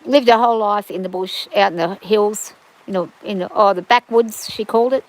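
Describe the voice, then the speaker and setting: A woman's voice: mid-range voice, brisk, poor audio. A woman hosting a livestream from her farm, chatting casually and rambling with frequent restarts and fillers. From Australia.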